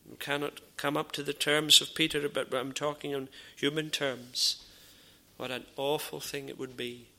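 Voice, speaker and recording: Man delivering a sermon: slightly high voice, gravelly texture, earnest and measured with hesitations. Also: flat delivery, pushed and bright. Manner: earnest, measured preaching with frequent "uh" pauses and repeated phrases; drops to a near whisper in dramatised dialogue. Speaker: preacher.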